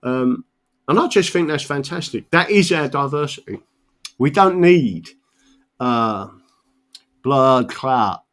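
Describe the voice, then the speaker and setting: A man's voice: a little high, lively intonation, measured pace, fairly bright tone. An older man, chatting casually and telling stories in a rambling way, swearing often and checking in with "right?". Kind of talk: casual storytelling chat.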